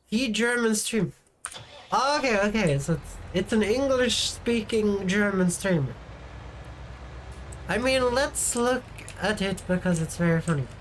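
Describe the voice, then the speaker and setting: A woman's voice: mid-range voice, expressive, unhurried, a little hiss or hum. A woman from Sweden chatting casually and joking with her viewers while she plays a game. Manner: joking, rambling, teasing chat. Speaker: game streamer.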